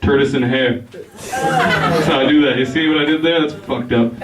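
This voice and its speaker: A man's voice: medium pitch, normal speed, over a noisy crowd. Laid-back young male stand-up comic. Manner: laid-back, rambling, giggles at his own jokes. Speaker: stand-up comedian. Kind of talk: stand-up routine. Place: barber shop. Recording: echoey room, mic at a distance.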